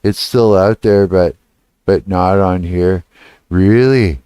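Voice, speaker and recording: A middle-aged man talks loosely to his livestream chat, swearing freely and trailing off mid-thought before starting again. His voice is smooth and resonant. The sound is close and dry, with no room around it. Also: slow, warm tone, no echo. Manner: rambling and profane, trailing off and restarting; laughs and rises in pitch when retelling anger. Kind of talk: casual livestream chat, answering chat.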